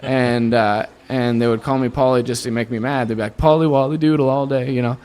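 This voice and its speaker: A man's voice: medium pitch, brisk. A young man from Iowa, a guest musician, telling casual stories in an interview and acting out the voices of the people in them. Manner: animated storyteller who acts out quoted voices.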